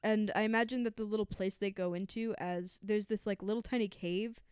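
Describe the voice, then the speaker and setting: Smooth-voiced woman co-host. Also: medium pitch, steady tone, a little fast, darkish tone, dry recording, studio quality. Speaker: podcast co-host. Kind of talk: casual book discussion.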